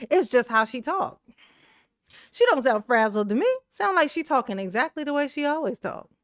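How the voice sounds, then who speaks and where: A woman's voice: high voice, sing-song, a little slow, long pauses, no room sound, studio quality. A woman host giving casual, blunt reaction commentary, sassy and profane and laughing often.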